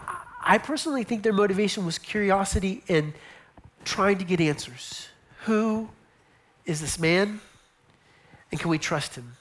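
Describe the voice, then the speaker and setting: A woman preaching a sermon, telling a scene with vivid retelling, drops to whispers for imagined dialogue, and often repeats and restarts her phrases. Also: fairly low pitch. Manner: storytelling, acting out scenes with whispered asides.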